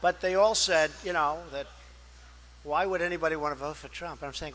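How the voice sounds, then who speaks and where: A man's voice: fairly high pitch, expressive, brisk, bright, forceful tone. A male political candidate giving a campaign speech at a fundraising dinner, boastful and repetitive, wandering into asides and acting out quoted exchanges. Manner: conversational, acts out quoted exchanges.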